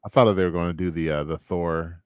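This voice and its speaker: A man's voice: deep voice, fairly even intonation, fast, clear, resonant tone, no echo, studio quality. A man in his thirties in a casual podcast chat, laid-back and stammering often.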